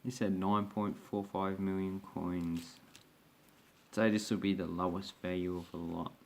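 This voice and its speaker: A man with a fairly low voice walks through his coins one by one in a relaxed home video. He weighs up each grade out loud, musing and correcting himself as he goes. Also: unhurried, slight background noise. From Australia. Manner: thinks aloud while grading coins. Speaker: coin collecting video host. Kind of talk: casual coin review narration.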